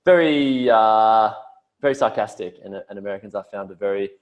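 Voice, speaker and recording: A man's voice: fairly low pitch, a little fast, dull audio. A young Australian man in his twenties, a podcast guest chatting casually, swearing and mimicking mates in a broad voice. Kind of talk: casual interview chat.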